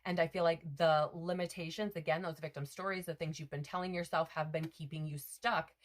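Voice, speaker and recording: A woman's voice: low voice, fairly even intonation, fairly quick. A woman giving a casual spiritual card reading, rambling with lots of fillers and self-corrections. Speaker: tarot reader.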